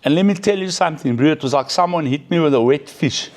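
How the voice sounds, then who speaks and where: A middle-aged man telling a personal story in a casual, animated way, often checking in with "right?". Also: a little high, fast talker. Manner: animated, peppers speech with "right?". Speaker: recovering addict sharing his story.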